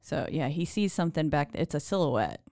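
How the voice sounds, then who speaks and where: A woman co-hosts a laid-back movie chat with a lively, bouncing delivery. She gushes and swears casually. Her voice sounds dry and close, with no room around it. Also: low voice, brisk, dry recording. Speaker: podcast co-host.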